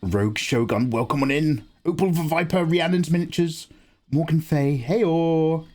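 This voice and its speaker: A man's voice: fairly high pitch, moderate pace. A man hosting a drawing livestream, chatting casually with viewers, joking and swearing freely. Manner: animated, swears freely, jokes with chat. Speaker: livestream host. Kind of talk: casual chat while drawing.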